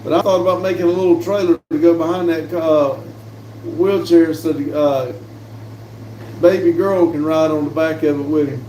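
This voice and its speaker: A man's voice: fairly high pitch, normal speed, a little hiss or hum. A man hosting a casual live stream, chatting and reading viewer messages aloud with easy laughs. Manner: relaxed, chatty, laughs easily. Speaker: livestream host. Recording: roomy sound from a distant mic.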